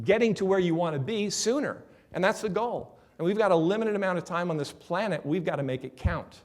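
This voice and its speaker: A fairly high-voiced man gives a conference talk as a business speaker. His delivery is conversational and lively. He keeps tossing "right?" to the room and acting out quick voices with a laugh. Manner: acts out quoted voices and laughs at his own examples.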